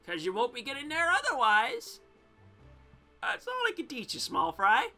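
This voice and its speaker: A brash talking fish who heckles and bosses everyone around, pitched high and pushed loud, his bright sharp voice jumping up and down, as a woman puts him on. He sounds like a condescending game character with faint music playing under him. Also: wildly swooping pitch, moderate pace, heavily acted. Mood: bossy. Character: brash pushy male talking fish, gruff.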